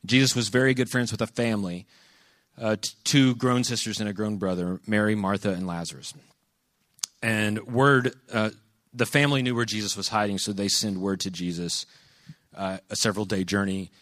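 A man's voice: fairly low pitch, normal speed, a bit bright, no room sound, studio quality. A man giving a casual, conversational sermon, telling stories animatedly and acting out quoted lines. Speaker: preacher. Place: venue with a live audience.

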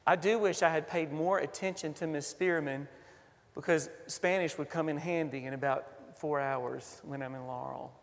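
A man preaching a sermon as pastor, earnest, building to emphatic peaks and then dropping soft. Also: on the high side, fairly even intonation, moderate pace, creaky, big-room sound.

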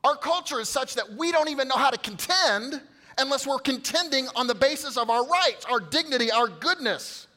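A man preaching a sermon to his congregation, swinging from loud emphatic peaks to quiet hushed asides and coaxing responses from the room. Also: very high voice, expressive, moderate pace. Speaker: pastor.

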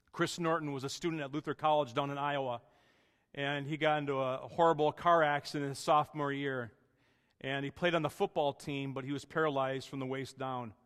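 A man's voice: medium pitch, a bit bright, long reverb tail. A man preaching a sermon as pastor, earnest and conversational, with restarts and plain everyday phrasing.

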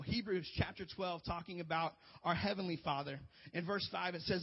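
A man's voice: sits high, normal speed, slightly rough. A man preaching as a youth pastor, earnest and emphatic, with joking asides. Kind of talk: sermon. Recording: dull lo-fi sound.

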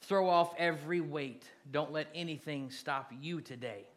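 A man's voice: fairly high pitch, moderate pace. Man preaching a sermon. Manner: preaching, building from soft to loud calls. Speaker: pastor.

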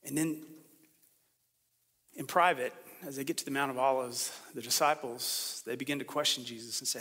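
Bright-voiced pastor preaching in a reverberant hall. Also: male voice, mid-range voice, moderate pace. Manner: conversational and animated, acting out quoted voices. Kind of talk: sermon. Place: church sanctuary.

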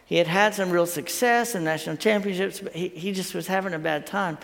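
Man, pastor, folksy storytelling sermon, gravelly voice, long hall reverb. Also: high-pitched, a little fast, fairly bright tone. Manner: storytelling, folksy, repeats words while thinking aloud. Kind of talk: conversational sermon.

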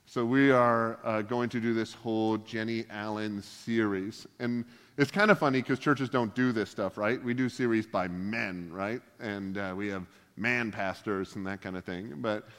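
A man's voice: fairly low pitch, fairly even intonation, moderate pace, fairly bright tone. A male pastor giving a casual sermon, full of joking, self-deprecating asides. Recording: long hall reverb.

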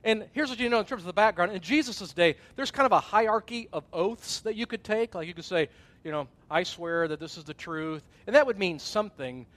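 A man's voice: high voice, expressive, brisk, fairly bright tone. A middle-aged man preaching a sermon as pastor, talking conversationally and acting out asides with gasps.

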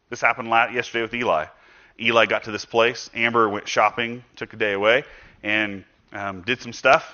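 A man preaches a sermon in a bright, forceful voice. He talks to his listeners in a conversational way, asks them rhetorical questions and acts out quoted speech with sudden bursts of loudness. The recording sounds dull and lo-fi. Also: mid-range voice. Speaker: pastor.

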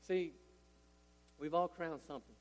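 This thirties-aged pastor has a slightly high voice and speaks a little slowly, his intonation fairly even. Preaching emphatically, he checks in with the congregation through repeated "right?" and "listen." The recording carries a long hall reverb.

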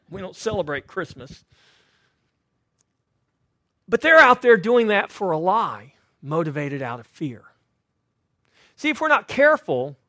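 A high-voiced man preaching from the pulpit in a church. He tells his stories with a lively, swooping delivery. He drops from loud, emphatic lines to near-hushed ones. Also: no room sound, studio quality. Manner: animated storytelling, swinging from loud to hushed. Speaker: pastor. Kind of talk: sermon. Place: church sanctuary.

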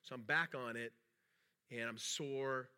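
A man's voice: medium pitch, fairly even intonation, unhurried, bright, forceful tone, smooth. A middle-aged man, a pastor, preaching a sermon in a rambling storytelling way with many restarts. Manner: acts out quoted dialogue in a raised voice.

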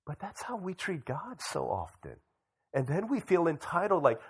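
A young adult man who is a pastor, preaching a sermon in a lively way and acting out quoted voices. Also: a little high, a little slow, long pauses, husky. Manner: animated, acts out quoted voices.

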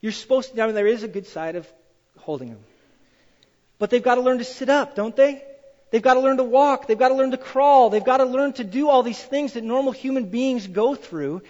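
A man preaching a sermon in a church hall, telling stories with animated, acted-out quotes. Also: very high voice, fairly quick. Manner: animated storytelling, acts out quoted voices. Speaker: pastor. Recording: dull sound in a hall with long reverb.

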